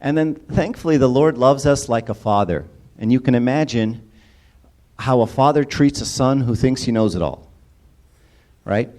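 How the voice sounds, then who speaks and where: A man talks through a sermon in a relaxed, conversational way, with a warm, dark tone. He keeps drawing listeners in with questions and a habitual "right?" tag. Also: mid-range voice, moderate pace. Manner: casual, engages audience with questions and repeated "right?". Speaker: church speaker.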